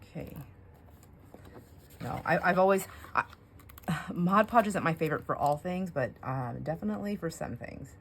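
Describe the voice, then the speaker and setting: A middle-aged woman with a low-pitched voice talks casually while crafting. She rambles and thinks aloud, full of fillers and asides. A faint room ambience sits behind her. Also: animated, normal speed, vocal fry, pauses often, slight background noise. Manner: rambling, self-talk with fillers and laughs. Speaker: craft vlogger.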